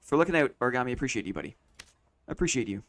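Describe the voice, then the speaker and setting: A man's voice: mid-range voice, animated, very fast, fairly bright tone, slight background noise. A man chatting casually on a late-night game live stream, thinking aloud and repeating phrases to himself.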